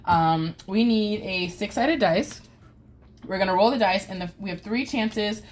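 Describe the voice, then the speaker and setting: A woman's voice: mid-range voice, unhurried, slight background noise. A woman hosting a casual budgeting vlog, chatting through dice-roll savings games with playful groans and cheers. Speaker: budgeting channel host.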